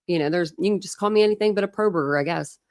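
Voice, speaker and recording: A woman's voice: lowish voice, very fast, no echo, clean studio sound. A woman from Ohio hosting a casual true crime livestream, chatty and laughing often as she greets viewers by name. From Ohio, USA. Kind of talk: casual live-stream chat.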